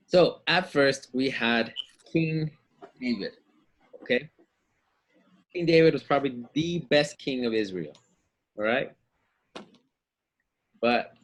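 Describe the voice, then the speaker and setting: Husky man teaching kids Bible class. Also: mid-range voice. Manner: acts out story voices, asks kids questions. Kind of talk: children's Bible lesson.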